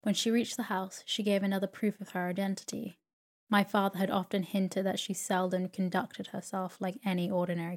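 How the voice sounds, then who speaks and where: Woman, sleep story narration, calm, low voice, flat delivery.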